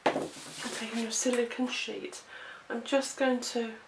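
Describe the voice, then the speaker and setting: A woman's voice: a little high, flat delivery, unhurried, gravelly. A woman, out of breath and coughing, chattily demonstrating a card-making craft and laughing at her own slips. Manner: chatty, self-deprecating, talks while working. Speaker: craft tutorial presenter. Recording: echoey room, distant mic, noisy background.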